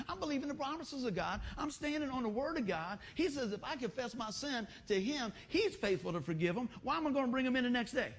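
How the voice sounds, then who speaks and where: A man preaching a sermon, lively and acting out little everyday scenes with voices. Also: very high voice, quick pace, breathy edge. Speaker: pastor.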